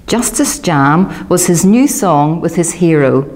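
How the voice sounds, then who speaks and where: A woman reading a novel aloud, giving the characters lively raised voices. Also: on the low side, measured pace. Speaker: audiobook narrator. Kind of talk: audiobook reading.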